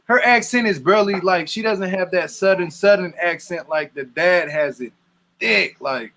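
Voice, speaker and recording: A man's voice: sits high, moderate pace, a bit bright. A man in a casual reaction chat, laid-back and slangy, teasing the others. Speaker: co-host reacting to a reality show.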